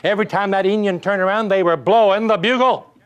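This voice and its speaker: An older man delivers a motivational talk in a high-pitched voice. He is animated and folksy, and he uses rhetorical questions, stories and chuckles to keep his listeners engaged. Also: quick pace, clear, resonant tone. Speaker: motivational speaker. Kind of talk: motivational speech to an audience.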